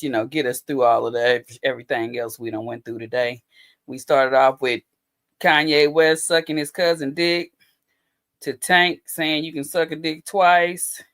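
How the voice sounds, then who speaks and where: Chatty streamer man, slightly high, dry sound. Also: no room sound. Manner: loose, profane, talks straight to chat. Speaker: livestream host. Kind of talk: casual livestream chat.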